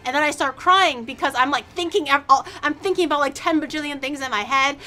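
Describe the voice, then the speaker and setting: A woman streamer in casual chat, animated and laughing often, acting out quotes in a raised voice. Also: sits high, quick pace, a little hiss or hum.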